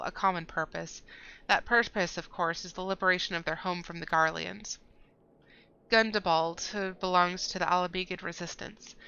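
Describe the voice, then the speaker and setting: A woman reading a calm, measured male commander in a game, a bit lower and softer than her own voice. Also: clean tone, muffled recording.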